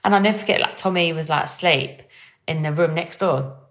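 A woman's voice: sits low, brisk, fairly bright tone. A young woman hosting a casual solo podcast, chatty and bubbly, with lots of fillers. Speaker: podcast host.

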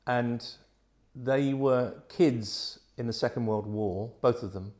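Man, guest, storyteller, lively, acts out voices. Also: medium pitch, takes it slowly. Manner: animated, acts out voices in his stories. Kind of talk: anecdotal storytelling.

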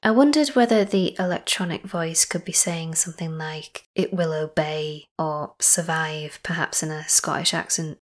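Woman podcast host, lowish voice, chatty, slips into whispers. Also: moderate pace, hardly any pauses. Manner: chatty, enthusiastic, slipping into soft whispers. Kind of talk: casual podcast narration.

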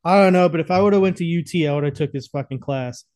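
A man's voice: a little high, fast talker, a little mellow. A young man co-hosting a podcast, crude and profane, often stumbling over his words. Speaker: podcast co-host. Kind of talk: casual chat.

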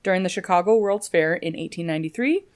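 A woman's voice: on the low side, fast. A woman, co-hosting a podcast in casual chat and telling stories playfully. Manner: playful, animated storytelling. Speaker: podcast co-host.

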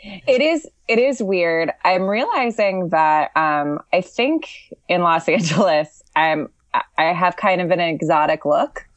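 A woman's voice: on the low side, animated, no echo. Giggly woman on a dull video call. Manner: giggly, halting, self-deprecating. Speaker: co-host. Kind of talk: comedy podcast banter over a video call. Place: hotel room in Dublin.

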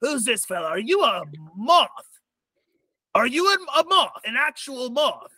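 A rowdy gnome pirate swaggers through a tabletop game, high-pitched and bright, as a man puts him on. He booms and flirts, boisterous and loud, recorded on a dry close mic. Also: big pitch swings, measured pace, no echo, full character voice. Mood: swaggering.

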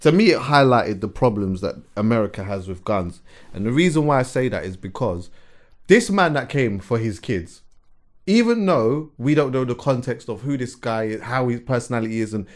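Man telling a story, animated. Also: medium pitch, moderate pace. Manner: animated storyteller, repeats words while thinking, laughs as he tells stories. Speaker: podcast host. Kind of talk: casual podcast chat.

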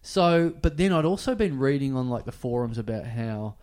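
A man's voice: mid-range voice, animated, moderate pace, darkish tone. A man, co-hosting a podcast and telling a rambling anecdote in casual chat, acting out bits of dialogue. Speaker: podcast co-host.

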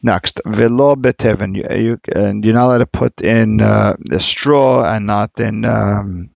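A man teaching a casual Gemara class, reading passages aloud and explaining them in a halting way with many fillers and restarts. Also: lowish voice, vocal fry, no room sound. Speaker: Talmud teacher. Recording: dull lo-fi dry recording.

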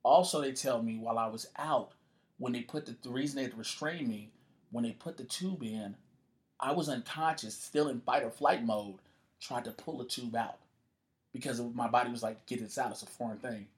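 Profane, animated male storyteller. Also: mid-range voice, normal speed. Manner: profane, animated, acts out quoted voices. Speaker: guest telling a story. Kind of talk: casual storytelling in conversation.

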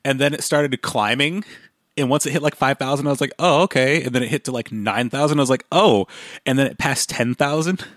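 An excitable man rambles through a loose podcast chat and drops sarcastic asides. His voice sits in an ordinary middle register. It is recorded close and dry, with no room sound. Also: medium pitch, quick pace, no room sound. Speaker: podcast co-host. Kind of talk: casual chat.

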